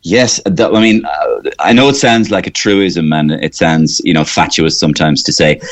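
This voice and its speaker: A man's voice: low voice, normal speed. A man from Waterford with an Irish accent, a comedian rambling animatedly in a radio studio interview. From Waterford, Ireland. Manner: rambling, animated storyteller, slips into voices. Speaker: guest comedian.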